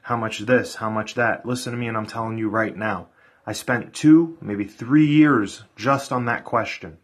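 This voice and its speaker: A man's voice: fairly low pitch, steady tone, normal speed, husky. A man giving a blunt, profane motivational pep talk to his viewers in a casual vlog. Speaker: vlogger.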